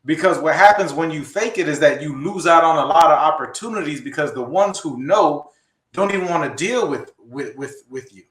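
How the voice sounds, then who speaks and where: A man's voice: fairly high pitch, expressive, normal speed, a bit bright. A man hosting a casual talk show who explains his point earnestly to his listeners. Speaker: host. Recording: echoey room.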